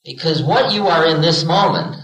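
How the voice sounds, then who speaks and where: A man's voice: fairly high pitch, normal speed, fairly bright tone. A man in his forties giving a playful spiritual lecture, telling stories and acting out little voices. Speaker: spiritual teacher. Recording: roomy 1970s lecture recording.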